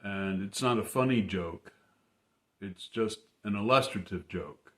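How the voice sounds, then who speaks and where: Man doing a grim, matter-of-fact Russian man; earnest, halting, low and slow, echoey room. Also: a bit bright. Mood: earnest explaining. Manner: earnest, halting, repeats words. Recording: roomy echo.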